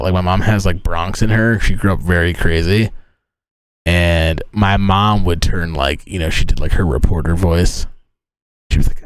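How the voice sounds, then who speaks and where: A man's voice: low voice, dry recording. A young man streaming from inside a tent, chatting and telling stories in a crude, joking, rambling way. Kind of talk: casual live-stream chat and storytelling.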